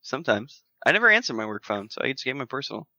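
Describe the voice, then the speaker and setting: Joking man with a bright, dry voice. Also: medium pitch, sing-song, fast talker, dry recording, highs cut off. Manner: joking, crude, laughing storyteller. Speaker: podcast co-host. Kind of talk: casual chat.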